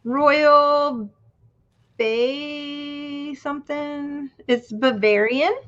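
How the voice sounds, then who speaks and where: A woman's voice: high voice, steady tone, very slow, a bit bright. A woman co-hosting a casual craft livestream, talking in a rambling, storytelling way. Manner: chatty, rambling storyteller with laughs. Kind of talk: casual chat. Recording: dull lo-fi livestream audio.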